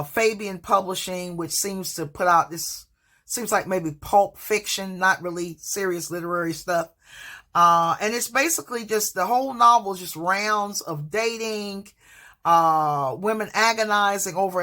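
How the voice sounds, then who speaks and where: This woman, a teacher, has a fairly low voice that sounds pushed and bright. Her informal book review is halting, packed with fillers and restarts, and she admits to stuttering.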